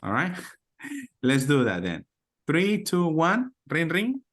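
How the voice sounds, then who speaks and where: Man, lively pitch, call center trainer, video call, repeats and drills phrases, encouraging. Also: slow. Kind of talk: online class coaching.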